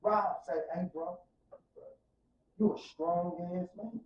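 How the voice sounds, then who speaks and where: A fervent St. man with a high voice speaks slowly in a steady tone, sounding roomy and distant, with the highs cut off and slight background noise. As a podcast guest in a studio room, he gives an emotional testimony in casual talk, preacher-like and swinging from soft to loud.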